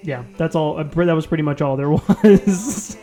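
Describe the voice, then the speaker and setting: A man in a casual podcast chat, wry and quick with jokes, sometimes ranting in exasperation. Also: on the high side, warm tone, soft background music.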